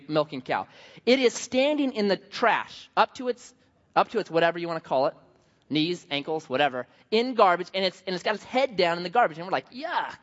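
A man preaching a sermon, telling stories with humor and playful asides. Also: high voice. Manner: animated storytelling, joking. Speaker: pastor. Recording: dull sound in a large reverberant hall.

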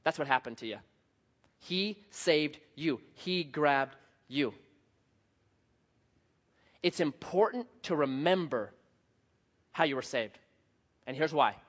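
A man with a high voice preaching a sermon in a church hall. He tells stories in an animated way, acting out voices and sound effects. The recording sounds slightly dull and muffled. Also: slow pace, long pauses. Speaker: pastor. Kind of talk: sermon with storytelling.

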